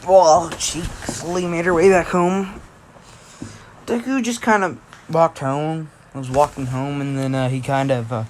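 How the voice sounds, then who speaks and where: A man's voice: fairly high pitch, a little slow, a little hiss or hum. A man casually telling a fan-fiction story, rambling, restarting and swearing as he goes.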